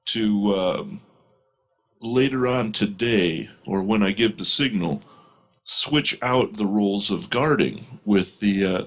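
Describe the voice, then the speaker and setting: A man playing a tabletop game, speaking in character in a measured, diplomatic way. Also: on the low side, a bit bright. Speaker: player.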